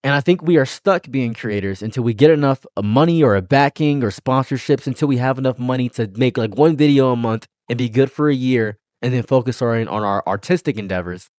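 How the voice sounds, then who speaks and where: A man hosting a casual commentary chat, rambling and joking with excitable bursts. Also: mid-range voice, brisk, few pauses, no room sound, studio quality. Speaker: channel host.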